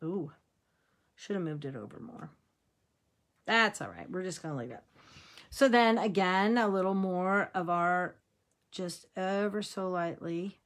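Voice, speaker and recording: Speaking at a measured pace with frequent pauses, this woman's fairly low voice guides viewers through a relaxed how-to craft demonstration. She stays upbeat and chatty, laughing at herself as her hands work.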